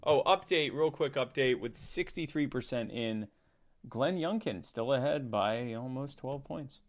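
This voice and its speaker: A man co-hosting a casual political commentary show, sarcastic and wry, tossing in quick asides and updates. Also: medium pitch, expressive. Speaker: co-host.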